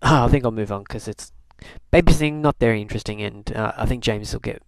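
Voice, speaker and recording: Talking fast in a lowish voice over slight background noise, a young man from Canada rambles through a wry, diary-style video blog story. He uses lots of fillers and keeps restarting.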